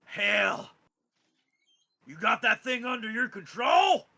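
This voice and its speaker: A man voicing a crippled old male snake-man father who hollers loudly at his son. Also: very high-pitched, sing-song, takes it slowly, creaky, crowd noise, voice pushed up, heavily acted. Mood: proud. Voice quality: loud hollering.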